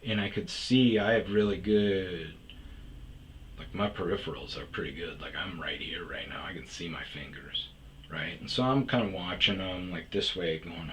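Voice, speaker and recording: A man's voice: sits low, moderate pace, a bit bright, slight background noise, rough recording. A man from Wisconsin telling a personal story in a rambling, profane way, often restarting his sentences. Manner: rambling, profane, self-interrupting. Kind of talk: casual spoken storytelling.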